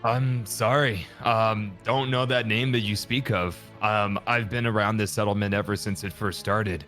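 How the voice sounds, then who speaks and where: Give me a man acting as a weary, hesitant old man for a tabletop game, bright and rambling. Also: on the low side, steady tone, normal speed, faint music behind, voice pushed down, close to an everyday voice. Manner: hesitant, rambling, lots of ums. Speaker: player.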